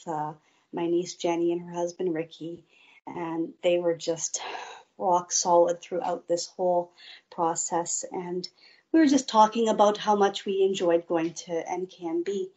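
A woman's voice: on the low side, warm tone, muffled recording. A woman guest earnestly telling a personal faith testimony in an interview. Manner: slow, earnest storytelling.

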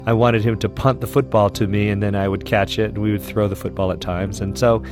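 Man, lowish voice, fond sincere memory, guitar playing under him. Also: flat delivery, a little fast, a little mellow. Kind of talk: personal reminiscence.

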